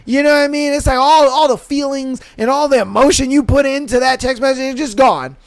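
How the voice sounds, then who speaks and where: High-voiced, slangy male podcast host. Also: fairly even intonation, fairly quick, no echo. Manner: slangy, laid-back, laughs often. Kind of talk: casual solo podcast commentary.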